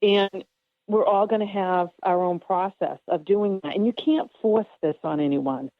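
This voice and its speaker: A woman spiritual medium talking calmly on a radio show, explaining her readings with reassuring fillers. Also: mid-range voice, unhurried, no room sound. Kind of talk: casual radio interview. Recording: tinny phone line.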